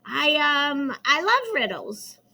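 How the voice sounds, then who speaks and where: A woman's voice: high voice, big pitch swings, slow, vocal fry, pushed and bright, pitched above the performer's own voice, full character voice. A woman voicing a young female elephant who talks nervously and hesitantly.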